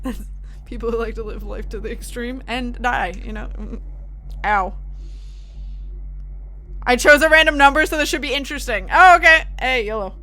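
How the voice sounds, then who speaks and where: A woman's voice: fairly high pitch, normal speed, long pauses, bright, forceful tone. A young woman streaming live, chatting casually with her viewers, laughing often, and reading out horror files. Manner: giggly, chatty, reacting to chat.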